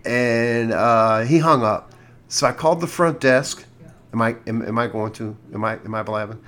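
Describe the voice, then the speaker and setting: Male radio host, middle-aged, halting casual storyteller, average pitch. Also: a bit bright. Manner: rambling, halting, with many restarts and fillers.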